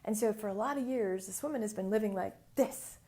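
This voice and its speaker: A woman hosting a casual solo podcast, chatty and animated as she tells a client story. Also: mid-range voice, fairly quick. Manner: chatty and animated, acts out voices in quotes. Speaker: business mentor and podcast host.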